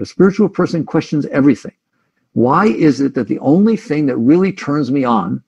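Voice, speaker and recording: Gravelly, husky man giving a spiritual talk. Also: mid-range voice, a little mellow, dull audio. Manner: reflective, conversational, voices inner thoughts. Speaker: spiritual teacher.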